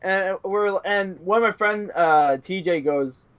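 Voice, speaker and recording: Here a male interview guest chats casually, telling meandering, filler-heavy stories and laughing frequently. His voice is high-pitched and clean, delivered at a measured pace. Audio comes across dull and dry.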